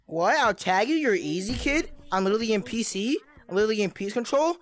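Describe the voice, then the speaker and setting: Young woman, mid-pitch, trash-talking gamer in voice chat, taunting and repetitive. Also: expressive, fast. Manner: taunting, repetitive mock-tough insults. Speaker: gameplay streamer.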